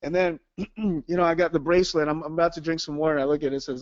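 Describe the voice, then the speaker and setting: A man's voice: on the high side, very fast, no echo. Earnest man telling a story in a dull lo-fi recording. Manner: earnest, animated, often asks "right?". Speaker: host. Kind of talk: casual faith conversation, personal storytelling.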